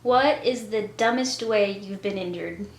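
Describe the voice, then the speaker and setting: A woman's voice: medium pitch, measured pace. A woman reading out interview questions, adding short dry quips between them. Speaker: question asker. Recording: roomy echo, faint noise.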